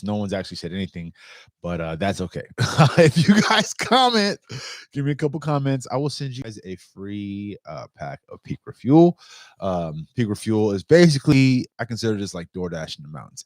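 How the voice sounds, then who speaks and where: A young man talks loosely to his camera and curses without a second thought. His pitch swings up and down a lot as he rambles. The sound is dry and close, with no room echo. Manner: loose, animated, swears freely. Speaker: outdoor vlogger. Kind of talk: casual chat to camera.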